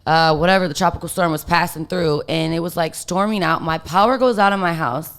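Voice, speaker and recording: A woman's voice: on the low side, fairly quick, gravelly. A woman guest telling a story in casual chat, rambling with lots of fillers and swearing.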